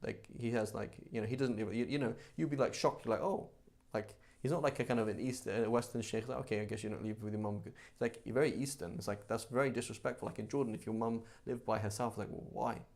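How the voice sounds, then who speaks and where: A man's voice: mid-range voice, steady tone, fast talker, gravelly, few pauses, darkish tone. Conversational male religion teacher. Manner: chatty, conversational, with frequent asides and rhetorical questions. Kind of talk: casual religious class.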